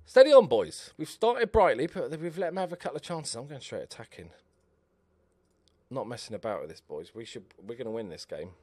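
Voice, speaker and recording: A man's voice: mid-range voice, expressive, brisk, darkish tone, slightly rough, no echo. A man giving casual live commentary over a football management game, chatting away and cheering on his players aloud.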